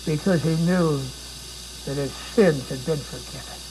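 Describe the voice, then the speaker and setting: A man's voice: a little high, a little slow, noisy background. A man preaching a sermon, dramatic and pleading, with repeated rhetorical questions.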